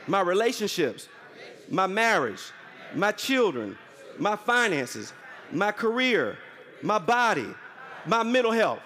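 A male pastor preaching with high, bright energy and constant call-and-response prompts to his congregation. His voice rings with a long hall reverb, as if from a large church sanctuary. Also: very animated, moderate pace. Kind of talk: sermon.

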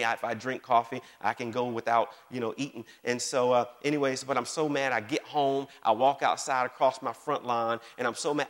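A pastor preaching a sermon to his congregation, lively and repetitive, often asking the room whether they follow him. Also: mid-range voice. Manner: animated preaching with call-and-response questions and repeated phrases. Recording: long hall reverb.

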